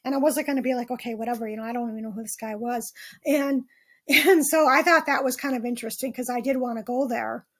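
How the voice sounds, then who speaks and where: A woman's voice: fairly high pitch, steady tone, fast, fairly bright tone. A woman hosting a podcast, talking casually and rambling through her dream notes with many ums and restarts. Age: not 27. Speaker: podcast host. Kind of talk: casual dream-journal monologue.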